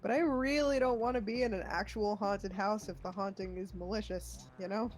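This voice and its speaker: A woman streamer hosting a relaxed casual chat with a friend while playing a game, telling stories in a dry, easygoing way. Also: mid-range voice, normal speed, slight background noise. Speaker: streamer host.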